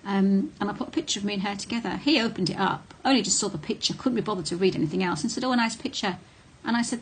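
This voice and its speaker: A woman's voice: mid-range voice, rapid-fire, few pauses, breathy edge. Blunt woman vlogging. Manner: blunt and candid, with many ums and restarts. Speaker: vlogger on narcissistic abuse. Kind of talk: casual talk to camera.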